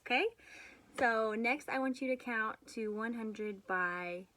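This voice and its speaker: Slow, patient woman teaching small children. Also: fairly high pitch, pushed and bright. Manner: slow, patient, encouraging, chants rhymes. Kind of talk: remote lesson for young children.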